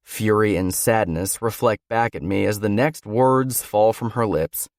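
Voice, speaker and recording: A man's voice: lowish voice, a little slow, dry recording, studio quality. A man reading a first-person romance audiobook in a brooding, intense manner. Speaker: audiobook narrator. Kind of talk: scripted first-person narration.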